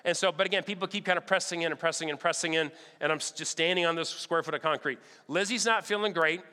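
A man preaching, telling a lively story and acting out the people in it. His voice is slightly high, bright and forceful, with a smooth, resonant tone. It rings out with the long reverb of a large hall. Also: fast talker. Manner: animated, acts out other people's lines. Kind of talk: sermon storytelling.

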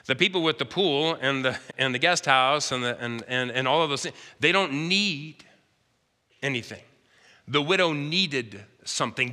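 A man's voice: on the high side, pushed and bright. A man preaching a sermon in a conversational style, acting out the people in his story. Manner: conversational preaching, acts out characters. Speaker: pastor. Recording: long hall reverb.

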